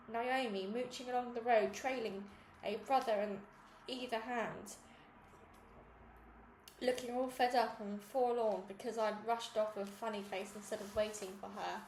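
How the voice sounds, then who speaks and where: A woman reading a children's novel aloud in a lively storytelling manner. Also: a little high, roomy sound, slight background noise, rough recording. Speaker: reader.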